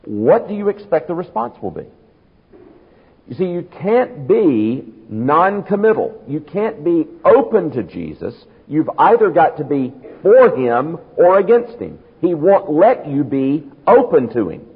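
A man preaching with emphatic conviction, his pitch rising and falling in lively arcs. His voice is slightly husky. The recording is thin and phone-like, with a long hall reverb trailing behind him. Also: unhurried. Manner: emphatic, reasoning aloud, rhetorical questions. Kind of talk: expository sermon.

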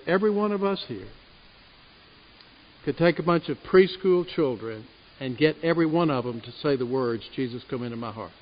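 A man preaching a sermon as pastor, earnest and rising loud on his key points. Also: on the high side. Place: church sanctuary. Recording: reverberant church hall, muffled sound.

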